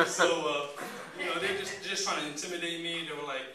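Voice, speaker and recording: A man speaking as an activist at a public forum, telling a personal account with animated storytelling that rises to indignant emphasis. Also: a little high, normal speed. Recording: echoey hall, distant mic, background noise.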